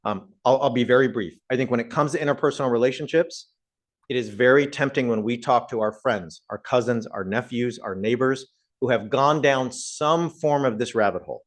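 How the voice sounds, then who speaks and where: A male professor speaks to a live audience in a meeting room. His pitch sits in the middle range. His delivery is conversational, and he often turns to the audience with questions. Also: a little fast. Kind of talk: public talk to a live audience.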